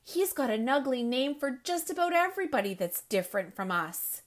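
A woman's voice: high voice, sing-song, moderate pace, voice pushed up. A woman voicing a troubled young schoolboy who talks in a sullen, tearful way in a storybook reading.

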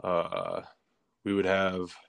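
A man's voice: deep voice, big pitch swings, extremely slow, creaky, clean tone, dry recording. A young man co-hosting a podcast in casual chat, telling stories in a laid-back way full of fillers. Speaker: podcast co-host.

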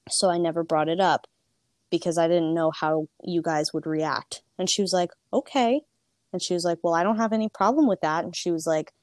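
A woman's voice: sits low, darkish tone, no echo, studio quality. A young woman, telling a personal story in casual chat, with lots of fillers and quotes she acts out. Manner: chatty, frequent "like" fillers.

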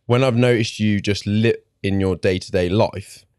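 A man with a lowish voice trading teasing banter with a friend on a podcast. He laughs easily and talks in a relaxed, casual way. The recording is close and dry. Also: moderate pace, clean tone, no echo. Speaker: podcast guest. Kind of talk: casual chat.

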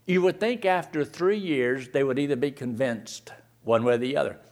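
A man's voice: mid-range voice, normal speed, darkish tone. A man preaching a sermon, firing rhetorical questions and reading scripture aloud.

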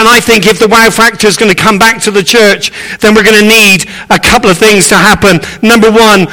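A man's voice: high voice, bright, forceful tone. A man preaching as a visiting speaker, earnest and encouraging, repeating his key phrases. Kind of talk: sermon. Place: church sanctuary. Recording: echoey church hall.

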